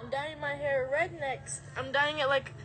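A woman on a livestream chatting slowly to viewers and singing along to songs. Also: sits high, heavy background noise. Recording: loud music behind the voice on a stream.

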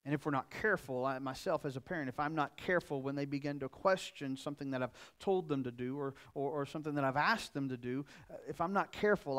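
A middle-aged man pastor preaching a sermon, earnest and repetitive, swinging from loud emphasis to quiet asides. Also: on the high side, quick pace, few pauses.

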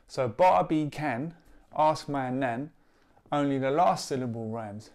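A man, a poet leading a friendly, upbeat rhyming warm-up for young writers, explaining each task clearly. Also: a little high. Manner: upbeat, clear teacher-like explanations with example rhymes. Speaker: poet and workshop leader. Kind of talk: instructional video for young writers.

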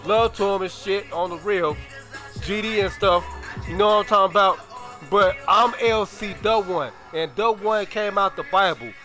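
A man's voice: high-pitched, normal speed, pushed and bright, faint music behind. A young man from Chicago with a Chicago accent, chatting casually on his stream in slangy, profane talk full of drawled repeats.

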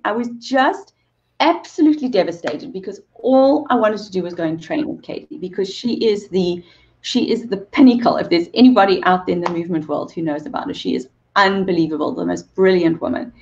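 A woman's voice: medium pitch, brisk, darkish tone, highs cut off. Earnest woman telling a personal story. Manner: earnest, repeats phrases, laughs between sentences. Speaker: guest, movement coach. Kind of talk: emotional storytelling in a podcast interview.

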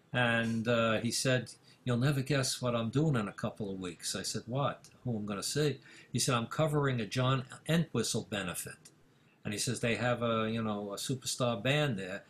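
An older man, a music manager, telling a story in an interview, full of fillers and acting out the dialogue with rising excitement. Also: mid-range voice, moderate pace. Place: office in Manhattan.

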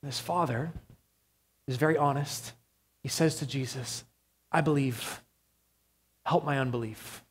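A man preaching a sermon as pastor, earnest, moving between hushed quiet passages and raised urgent ones. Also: mid-range voice, a little slow, long pauses, a little hiss or hum.

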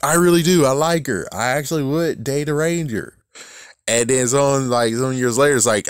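A man's voice: mid-range voice, expressive, brisk, dry recording. Man in his thirties rambling, dry sound. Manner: rambling, profane, laughs often. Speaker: YouTube show reviewer. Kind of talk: casual rant.

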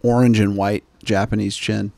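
A man's voice: on the low side, flat delivery, moderate pace, creaky, darkish tone, dry recording. Rambling joking man, dry close mic. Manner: digressive, joking, mimics people in quoted asides. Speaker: podcast host. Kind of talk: rambling comedic podcast chat.

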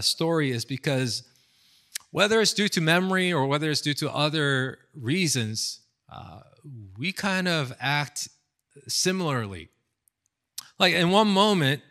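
A man in his thirties from the United States, a pastor giving a casual storytelling sermon with lots of fillers. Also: fairly high pitch. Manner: casual, animated storytelling with fillers and acted quotes. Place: indoors, online seminar recording.

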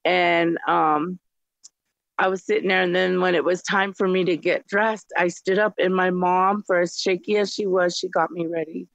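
A woman sharing her personal faith testimony, retelling conversations with lots of quoted back-and-forth and lively jumps in pitch. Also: moderate pace, dry recording. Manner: retells conversations with lots of "I go, she goes" quoting; animated, jumps high in pitch when quoting surprise. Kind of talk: personal storytelling. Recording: dull, slightly lo-fi dry recording.

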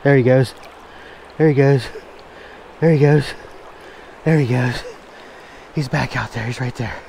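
A man vlogging his fishing outdoors by a stream, exuberant and repeating himself with excitement. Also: medium pitch, a little slow, creaky. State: out of breath. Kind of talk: excited outdoor vlog narration. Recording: faint stream noise outdoors.

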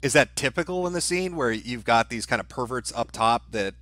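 Fast-talking male interview host. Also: medium pitch, lively intonation, a bit bright, no room sound. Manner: easygoing, prodding questions. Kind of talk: casual interview.

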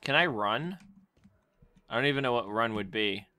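An excitable gamer narrates their own play, talking to themselves, swearing and yelping when things go wrong. Pitch leaps all over the place, and the tone is bright and sharp. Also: moderate pace. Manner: excitable, yelps and shrieks at sudden events; talks to self, swearing and laughing. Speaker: gameplay commentator. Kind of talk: let's play commentary.

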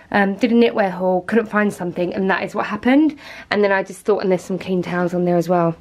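A woman's voice: medium pitch, moderate pace, darkish tone. A woman chatting casually in a home vlog, rambling and self-mocking as she talks. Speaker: vlogger. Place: home walk-in closet.

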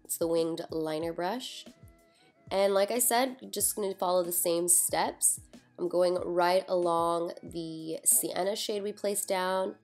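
A woman's voice: on the low side, steady tone, slow, a little mellow, faint music behind. A young woman chatting casually through a makeup tutorial, joking at herself and sounding a little sleepy. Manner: chatty, self-deprecating, talks through each step. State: sleepy, just woke up. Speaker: beauty vlogger.

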